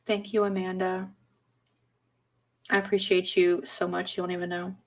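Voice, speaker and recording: A woman hosting a live tarot reading who talks straight to her viewers in a warm, openly emotional way. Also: on the low side, little pitch movement, moderate pace. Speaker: tarot reader and livestream host. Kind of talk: casual livestream tarot reading.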